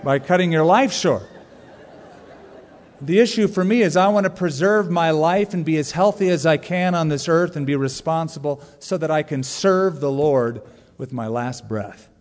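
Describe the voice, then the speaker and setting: A man in his forties preaching a sermon to a congregation, joking and animated, leaning hard into emphasis. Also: a little high, normal speed. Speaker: pastor. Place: large church sanctuary. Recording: long reverb of a large church hall.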